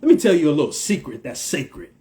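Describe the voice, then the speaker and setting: A man's voice: fairly high pitch, sing-song, brisk, mellow. A man from the United States giving an emphatic, repetitive spiritual monologue in a vlog, in slangy speech with a preacher-like cadence. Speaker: vlogger.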